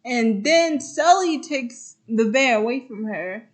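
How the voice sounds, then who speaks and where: A woman's voice: fairly high pitch, animated, takes it slowly. A woman casually retelling a movie plot, rambling and stringing events together with repeated "and then". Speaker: host.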